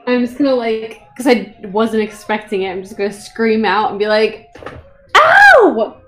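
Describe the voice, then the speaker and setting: A woman playing a tabletop game, animated and playful as she describes her character's reaction. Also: medium pitch, moderate pace, slight background noise. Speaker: player. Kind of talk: casual tabletop play.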